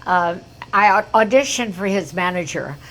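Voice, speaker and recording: A woman in her eighties, a guest singer, telling lively show-business stories in a chatty way. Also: lowish voice, moderate pace, poor audio. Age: 80s. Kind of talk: anecdotal storytelling.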